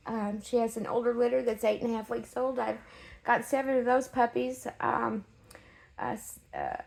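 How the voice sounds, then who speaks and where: A middle-aged woman who breeds dogs, talking to her followers in a halting, emotionally shaken way, with many fillers and restarts. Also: fairly high pitch. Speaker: dog breeder. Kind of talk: casual direct-to-camera update.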